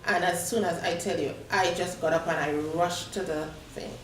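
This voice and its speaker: A Tobago-born woman appears as a talk show guest in a studio, recounting her story and voicing the people in it. She speaks on the low side with fairly even intonation at a moderate pace, recorded from a distant mic in a roomy space with faint background noise.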